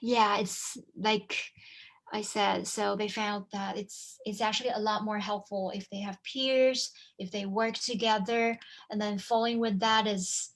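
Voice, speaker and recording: A woman teaching over a video call, lively and hands-on, humming examples and quizzing her listeners as she goes. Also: medium pitch, a little slow. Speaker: language teacher and online course presenter. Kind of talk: live webinar talk with demonstration.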